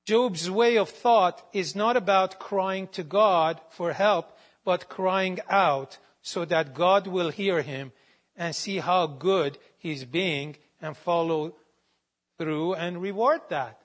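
A man giving a devotional Bible teaching, reading out verses with their references in a measured way. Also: high voice.

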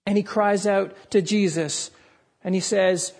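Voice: mid-range voice, steady tone, a little slow, vocal fry, darkish tone. Earnest preacher delivering an evening sermon. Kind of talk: sermon to a congregation.

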